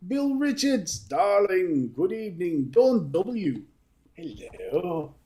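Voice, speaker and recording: A man's voice: high voice, big pitch swings, slow, warm tone, a little hiss or hum. A man co-hosting a live stream, greeting chat viewers one by one with affectionate nicknames and frequent laughter. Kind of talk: casual chat. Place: home studio for a live stream.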